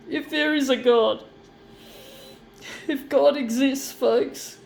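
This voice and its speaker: A woman's voice: high voice, slow pace, gravelly, pauses often, a little mellow. A woman artist rambling to camera, upset and shaky on the verge of tears, self-critical and repeating herself. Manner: self-critical, repetitive, keeps saying folks.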